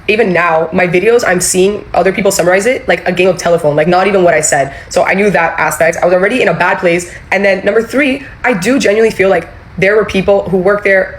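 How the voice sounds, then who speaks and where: A young woman telling her story in casual talk, animated, swearing and acting out what others said. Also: mid-range voice, rough recording. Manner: animated, acts out quotes, swears.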